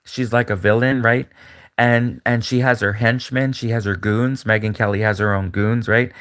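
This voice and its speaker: A man's voice: on the low side, fairly even intonation, moderate pace, fairly bright tone, no room sound. Male solo commentator, rambling and repetitive with lots of fillers, dry close mic. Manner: rambling, repetitive, frequent fillers and restarts, mocking put-on voices.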